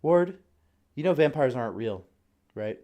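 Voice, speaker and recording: A man's voice: medium pitch, expressive, unhurried, warm tone, voice pushed up, natural voice. A man voicing a tough, determined middle-aged woman prison guard with a blunt, sarcastic way of talking. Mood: stern.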